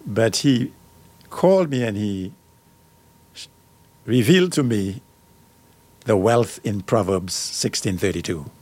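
A man's voice: lowish voice, husky. A middle-aged man hosting a radio talk show. He reads out points and breaks off into firm personal asides.

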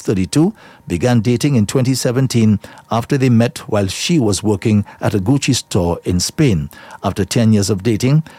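A man reading the news with a low, mellow voice. His delivery is steady and measured, and the recording is dry and close, with no room sound. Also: dry recording. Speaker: newsreader.

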